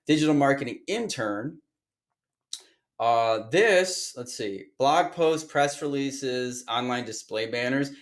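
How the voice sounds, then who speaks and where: A man's voice: medium pitch, expressive, takes it slowly. A man teaching an online course, talking casually and thinking aloud as he reads through listings on his screen. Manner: chatty, thinks aloud while reading listings. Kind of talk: casual screen-share walkthrough.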